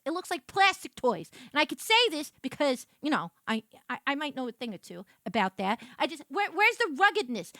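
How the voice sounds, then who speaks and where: Young woman streamer, high and very lively, animated ranting casual chat. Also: no echo, studio quality. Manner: animated ranting, swearing, laughing.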